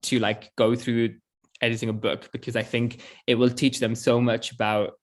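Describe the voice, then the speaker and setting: A man's voice: medium pitch, flat delivery, normal speed. Earnest young man in a video chat. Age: 20s. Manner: earnest, often laughing and restarting. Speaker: author. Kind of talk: casual interview chat.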